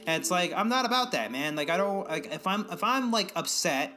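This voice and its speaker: Young male co-host, profane ranter, high bright voice, light music underneath. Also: lively intonation, a little fast, few pauses. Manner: profane, ranting, mimics others in high voices. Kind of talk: casual profane chat.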